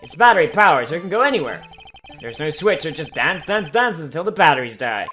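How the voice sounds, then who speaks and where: A man's voice: a little high, big pitch swings, fast talker, faint music behind. A man voicing a blustering, chummy police detective in a let's play. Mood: boasting. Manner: loud, bluff and chummy.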